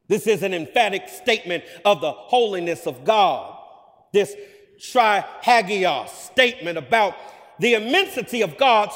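An emphatic male preacher with a high voice, delivering a sermon that swells into loud, ringing declarations. The sound trails off in the long reverb of a large hall.

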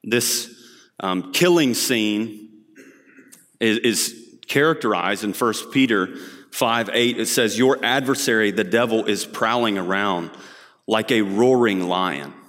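Guy preaching a sermon, lowish voice, earnest and chatty, big echoey church. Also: slow pace, a bit bright. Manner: earnest, conversational with fillers and vivid storytelling. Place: church sanctuary.

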